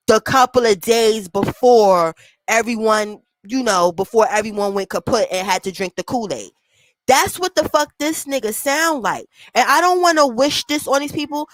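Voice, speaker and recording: A woman's voice: a little high, dry recording, rough recording. A woman doing reaction commentary, blunt and profane, speaking emphatically. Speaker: commentary streamer.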